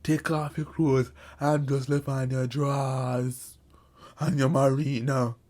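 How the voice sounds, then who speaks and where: A man putting on his strict, angry father's voice, speaking slowly and sternly. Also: medium pitch, flat delivery, darkish tone. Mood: commanding. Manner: scolding, slow and stern.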